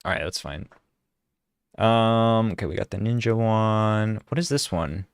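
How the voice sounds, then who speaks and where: Sarcastic man with smooth, low voice. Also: a little slow, dry recording, studio quality. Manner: sarcastic, mocking, heavy use of "like". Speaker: co-host. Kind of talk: casual reaction commentary.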